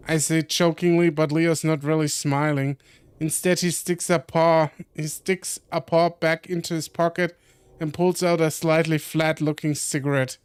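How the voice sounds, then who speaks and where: A young man streaming, reading a visual novel aloud with commentary, slowly and often correcting himself. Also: fairly high pitch, little pitch movement, clear, resonant tone, no room sound. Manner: slow reading with frequent self-corrections.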